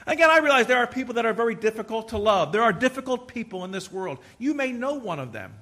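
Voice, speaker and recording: A man's voice: very high-pitched, very animated, fast talker, bright, forceful tone. A man preaching a sermon as pastor, talking to the congregation in a conversational way with asides. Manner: conversational preaching with asides and quoted inner voices.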